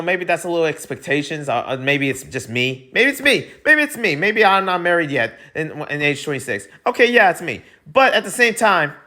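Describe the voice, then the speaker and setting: A man in his twenties, rambling and excitable as he reviews a show in a casual vlog, often repeating himself. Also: high voice. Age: 20s.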